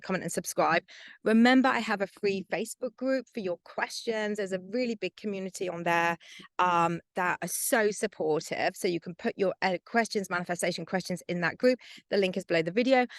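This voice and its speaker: A woman's voice: mid-range voice, no echo. Woman coach, emphatic affirmations, dry sound. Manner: emphatic, repetitive self-affirming declarations; loose chatty delivery with many fillers. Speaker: manifestation coach. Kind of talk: spoken affirmations and vlog talk.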